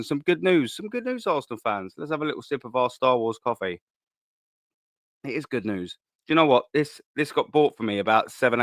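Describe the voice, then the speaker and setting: A man's voice: medium pitch, no room sound, clean studio sound. A man, hosting a live-streamed chat show in an upbeat, chatty way, repeating words as he goes. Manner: chatty and upbeat, repeats words, gives shout-outs to viewers. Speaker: fan channel host.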